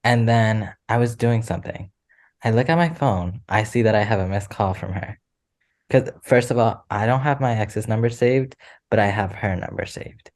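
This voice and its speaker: A man as a podcast guest, telling a story in a relaxed, low-key casual chat. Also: normal speed.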